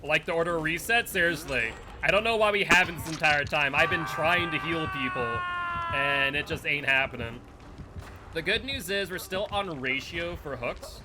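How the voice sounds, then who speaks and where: A man's voice: fairly high pitch, sing-song, normal speed, noisy background. A man giving casual running commentary while playing a game live and chatting with viewers and teammates. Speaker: streamer.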